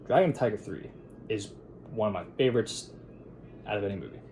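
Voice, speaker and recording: Young guy recapping a movie at his desk, rambly, lots of ums, mellow kinda dark voice, bit of hiss. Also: fairly low pitch, fairly quick. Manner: rambling, with frequent fillers and restarts into quoted voices. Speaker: film reviewer. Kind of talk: casual plot recap and review. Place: at his editing table.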